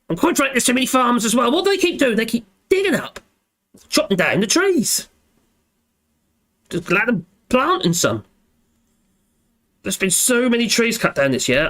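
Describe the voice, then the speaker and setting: His voice sits high with a touch of brightness as he rambles through a relaxed live stream he's hosting. He keeps capping his remarks with small recurring phrases.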